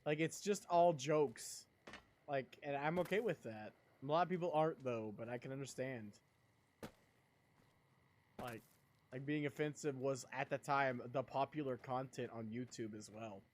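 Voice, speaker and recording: A man's voice: mid-range voice, normal speed, a little mellow, a little hiss or hum. A young man live-streaming, chatting casually in a rambling, profane way and laughing a lot. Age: young adult.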